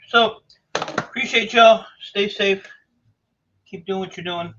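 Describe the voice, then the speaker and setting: A man streaming himself taking apart e-waste, chatting in a rambling, offhand, self-mocking way, hoarse from talking for hours. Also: high voice, takes it slowly, pushed and bright, muffled recording, slight background noise. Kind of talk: casual livestream chat.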